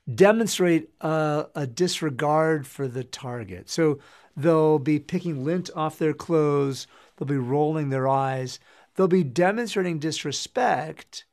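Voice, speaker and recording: A man with a slightly higher voice than most gives a calm, explanatory lecture. He speaks in a measured way and drops briefly into little acted example lines to make his points. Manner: measured, acts out quoted examples.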